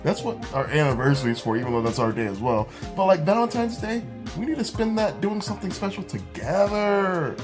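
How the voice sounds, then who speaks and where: Vlogging at home as he walks from bedroom to kitchen, a man answers relationship questions earnestly yet casually, with asides and restarts. His high, sing-song voice runs a little fast with few pauses, over music.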